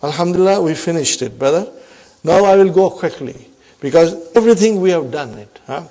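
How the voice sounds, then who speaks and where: Teacher quizzing his class, mellow voice. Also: on the high side, expressive, fairly quick. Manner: explains and quizzes students with frequent "huh?". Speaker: Arabic teacher. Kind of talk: classroom grammar lesson.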